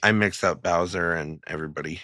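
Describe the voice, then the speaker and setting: A man's voice: sits low, a little fast, bright, forceful tone, no echo, studio quality. A man co-hosting a podcast in casual chat, blunt and swearing freely. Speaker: podcast co-host.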